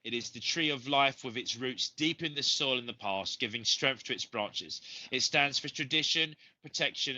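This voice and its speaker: Guy with a cold doing psychic readings, very bright tense voice, rambling, muffled lo-fi stream. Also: lowish voice. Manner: rambling, gentle, many ums and uhs. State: has a cold. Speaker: psychic medium host. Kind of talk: live psychic reading show.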